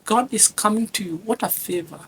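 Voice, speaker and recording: A woman's voice: medium pitch, fairly quick, slight background noise. A woman giving an earnest personal testimony, repeating phrases and restarting often. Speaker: guest sharing a testimony.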